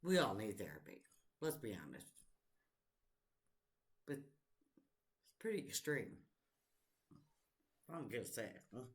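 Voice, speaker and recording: A woman's voice: extremely low pitch, very animated, unhurried, long pauses. A woman commentating on clips in a blunt, sarcastic way. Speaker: reaction commentator. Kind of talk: reaction video commentary.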